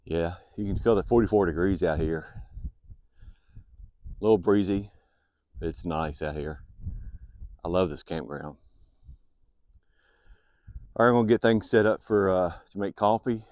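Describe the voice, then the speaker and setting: Deep-voiced man vlogging outdoors. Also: unhurried, pauses often, no echo. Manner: relaxed, chatty, addresses viewers directly. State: sniffling from the cold. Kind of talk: casual outdoor vlog talk. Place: outdoors at a lakeside campsite.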